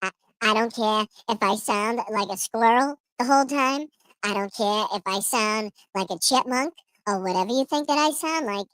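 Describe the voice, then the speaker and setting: A man talking defiantly on a livestream while a glitch pitches his audio up into a chipmunk-like squeak. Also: normal speed, pushed and bright, clear, resonant tone, dry recording. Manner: defiant, rambling. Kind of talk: casual livestream chat.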